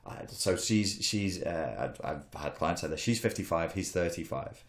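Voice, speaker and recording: A podcast host who coaches on narcissistic abuse leads a casual conversation, speaking candidly and bluntly with some swearing and acted-out quotes. His voice is low-pitched at a normal speed, and the room sounds echoey.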